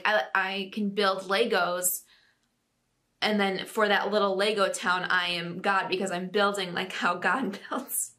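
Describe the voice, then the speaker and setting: A woman's voice: mid-range voice, sharp tone. A woman in her thirties hosting a podcast, reading out listener stories and chatting casually with frequent laughs. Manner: giggly, chatty, laughs often. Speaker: podcast host.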